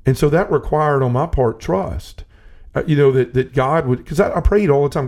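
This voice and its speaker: On his podcast, a man shares a personal faith testimony in casual talk, earnest and rambling with many restarts. His voice is a little high and slightly mellow, moving at normal speed.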